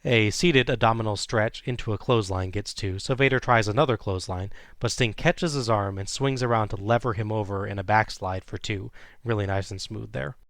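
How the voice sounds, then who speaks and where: A man's voice: fairly low pitch, a little fast, few pauses, fairly bright tone, dry recording, clean studio sound. A man hosting a podcast, recapping a wrestling match play by play in a casual way with small chuckles.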